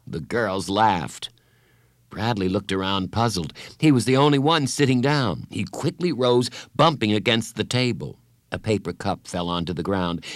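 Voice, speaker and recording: Give me an expressive male storyteller for a children's book, lively and animated, with a very dry sound that keeps him close to the listener. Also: fairly low pitch, dry recording. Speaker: narrator. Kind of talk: reading a children's story aloud.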